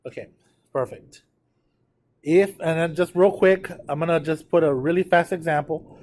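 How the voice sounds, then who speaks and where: Teaching trigonometry to his class, a male math teacher keeps checking in with students and has them say terms back to him to practice pronunciation. His voice is fairly high and a little mellow, with a steady tone at normal speed.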